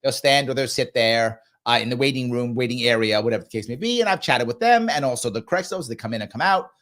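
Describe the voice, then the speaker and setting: A man's voice: medium pitch, fast. A man hosting a live reaction show, talking emphatically and acting out people in quotes as he comments. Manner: animated, acts out voices in quotes; emphatic and repetitive. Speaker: host reacting to a clip.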